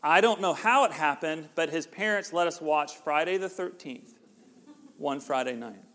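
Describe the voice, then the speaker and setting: A man's voice: on the high side, moderate pace, fairly bright tone. A middle-aged man, preaching a conversational sermon that jokes with the congregation. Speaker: pastor. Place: church sanctuary. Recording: long hall reverb.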